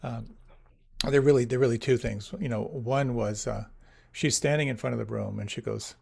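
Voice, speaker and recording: Guy hosting a thoughtful interview, a bit gravelly, sums things up and asks follow-ups. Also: mid-range voice, moderate pace, darkish tone. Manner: thoughtful, sums up and prompts the guest. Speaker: interview host. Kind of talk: reflective conversation.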